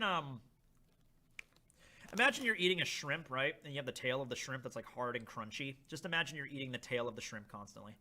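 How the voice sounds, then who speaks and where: A young man hosting a casual charity livestream, reading chat aloud and trying snacks with a rambling, animated manner. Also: mid-range voice. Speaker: livestream host.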